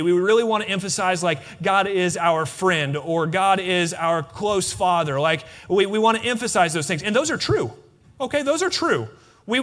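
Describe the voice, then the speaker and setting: A male pastor preaching a sermon, talking straight to his congregation and repeating key phrases for emphasis. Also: sits high. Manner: animated, talks to the congregation directly with repeated phrases. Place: church sanctuary.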